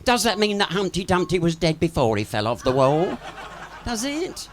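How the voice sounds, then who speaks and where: A man's voice: high-pitched, big pitch swings, moderate pace, a little hiss or hum. A man doing live stand-up patter on a pub stage, chatty and bawdy, swearing freely and laughing at his own jokes. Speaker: pub comedian and singer.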